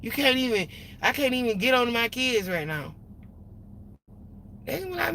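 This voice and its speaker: A woman venting on a phone live stream from her parked car, rambling and repeating herself, with sudden loud outbursts. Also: fairly high pitch, sing-song, moderate pace, pauses often, a little hiss or hum. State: upset after losing her job. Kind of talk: casual venting monologue. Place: parked car in a parking lot.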